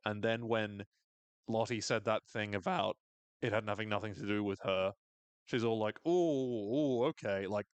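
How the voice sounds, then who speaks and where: A man's voice: on the low side, clear, resonant tone, no echo. A man hosting a podcast, recapping a TV episode in casual chat, swearing freely and acting out characters' lines in funny voices.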